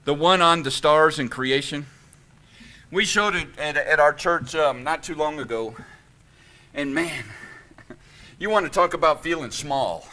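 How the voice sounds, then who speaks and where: A man preaching a sermon as pastor in a church, animated and emphatic, swinging from loud peaks to quiet passages. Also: on the high side, a little slow, pauses often. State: out of breath. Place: church sanctuary.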